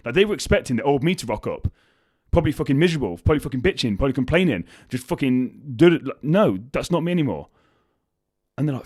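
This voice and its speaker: A man's voice: a little high, fast talker, slightly rough, no echo. A young man hosting a podcast, talking casually and swearing freely as he gives motivational advice. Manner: swears freely, animated storytelling with acted quotes. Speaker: podcast host.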